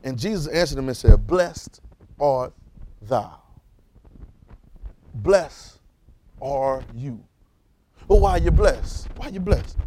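A man preaching a sermon in an animated, repetitive way, calling on the congregation to repeat his words and rising into loud emphatic bursts. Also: medium pitch, slow pace, long pauses. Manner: calls on congregation to repeat phrases.

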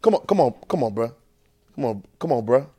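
A man's voice: sing-song, fairly quick, dark tone, husky. A man voicing a firm divine figure who urges a listener on in casual slang, over and over. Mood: coaxing. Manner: low, pushing, repetitive, casual slang. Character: firm, coaxing divine voice, a grown man urging on.

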